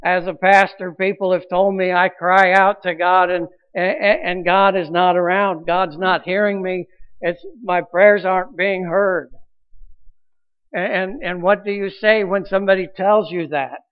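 A man's voice: high-pitched, steady tone, unhurried, clean tone, muffled recording. A man preaching a sermon as pastor, earnest, with restarts and rising emphasis.

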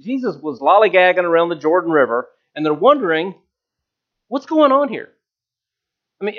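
Lively, chatty male preacher. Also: a little high, dull audio. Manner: conversational, self-deprecating storytelling. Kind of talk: sermon.

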